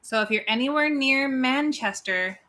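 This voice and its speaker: A woman from Pasadena co-hosting a casual horror livestream, chatty and quick to laugh. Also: high-pitched, bright, forceful tone. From Pasadena, California. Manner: chatty, laughs easily, announces plans. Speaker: co-host of a horror watch-party livestream.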